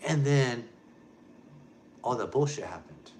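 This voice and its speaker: A man's voice: medium pitch, animated, a little slow, fairly bright tone, a little hiss or hum. A man hosting a show, delivering a heated, emphatic rant and speaking straight to his listeners, repeating key phrases. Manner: emphatic, repetitive, keeps addressing listeners directly. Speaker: show host. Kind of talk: ranting monologue.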